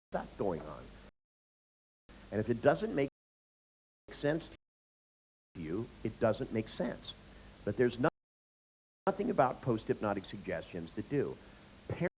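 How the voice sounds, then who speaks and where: A man's voice: mid-range voice, poor audio. A man teaching hypnotherapy, telling anecdotes and acting out lines in a sing-song way. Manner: animated storyteller, acts out lines in sing-song. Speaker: hypnotherapy instructor. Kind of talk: lecture with anecdotes. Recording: faint hiss.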